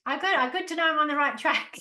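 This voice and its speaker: Bright chatty woman podcast host. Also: high voice, fast talker. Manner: chatty, lots of "like", laughs easily. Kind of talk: interview conversation.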